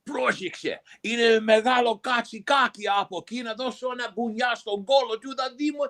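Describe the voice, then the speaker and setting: A man doing a comic impression of an excitable male wildlife adventurer, loud and exaggerated. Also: extremely high pitch, brisk, pitched above the performer's own voice.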